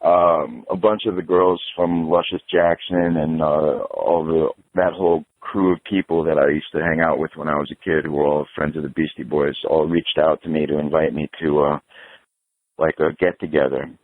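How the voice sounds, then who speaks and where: A man, a podcast guest, telling a story in casual chat, animated and profane, laughing through it. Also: extremely low pitch, normal speed, narrow, tinny audio.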